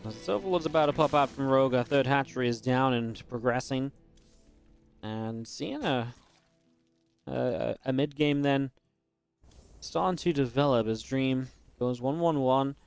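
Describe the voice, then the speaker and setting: A man giving live play-by-play commentary on a strategy game match, quick and excitable, with restarts and filler words. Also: medium pitch, gravelly, smooth, no room sound, faint music behind. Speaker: esports caster.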